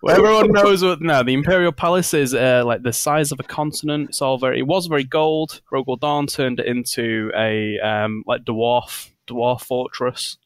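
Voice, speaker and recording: A man's voice: medium pitch, fairly even intonation, moderate pace, few pauses, clear, resonant tone, no echo. A man hosting a podcast, joking and setting up scenes in casual chat.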